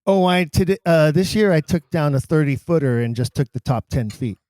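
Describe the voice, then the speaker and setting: A man on a casual podcast tells a story with lively energy and acts out the people in it. His voice sits a little higher than most men's. The recording is close and dry. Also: a little fast, dry recording. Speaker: podcast co-host.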